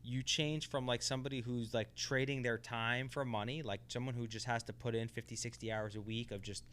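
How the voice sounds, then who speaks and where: A man's voice: mid-range voice, flat delivery, brisk, a bit bright, smooth. A man co-hosting a casual podcast, reflecting and explaining ideas at length. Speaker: podcast co-host. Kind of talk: casual conversation.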